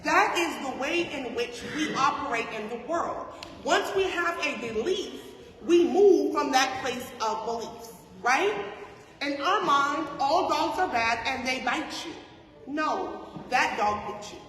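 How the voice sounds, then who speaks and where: A woman teaching a class as a spiritual teacher, talking conversationally with rhetorical questions and "right?" checks. She swings between soft asides and loud emphasis. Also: sits high, animated, takes it slowly, slight background noise. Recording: echoey hall from far off.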